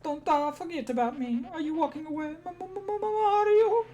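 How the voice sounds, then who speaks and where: A woman's voice: a little slow, warm tone, soft background music. A woman voicing a scared young man trapped and folded up, pleading and stammering as she reads game dialogue aloud on stream. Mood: panicky. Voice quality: strained high put-on voice. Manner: panicky pleading, stammering, cries out.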